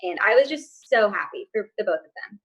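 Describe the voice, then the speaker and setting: A woman's voice: medium pitch, animated, brisk, a bit bright, muffled recording. A woman on a casual TV recap panel, talking thoughtfully and hedging with many ums. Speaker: co-host panelist.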